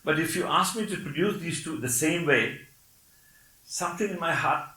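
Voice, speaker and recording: Older Malayali-accented man lecturing brightly. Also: fairly high pitch, normal speed, roomy sound, a little hiss or hum, poor audio. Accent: Malayali English. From Kerala, India. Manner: explanatory, with frequent "Okay?" checks and wry laughs. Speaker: professor giving a lecture.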